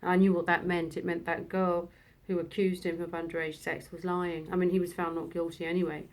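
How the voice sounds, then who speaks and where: A woman in her thirties telling a personal story, halting and emotional, with many restarts. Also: on the low side, flat delivery. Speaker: vlogger.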